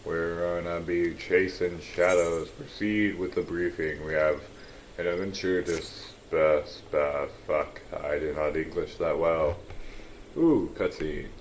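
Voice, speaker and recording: A man's voice: low-pitched, fairly even intonation, takes it slowly, slight background noise. A man streaming a game with a friend, joking around and playing the host. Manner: joking, sings and clowns around. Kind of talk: casual gaming chat.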